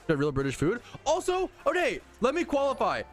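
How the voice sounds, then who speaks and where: A young American man ranting casually and profanely to his stream chat, heated and animated. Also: very high voice, brisk, soft background music. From United States.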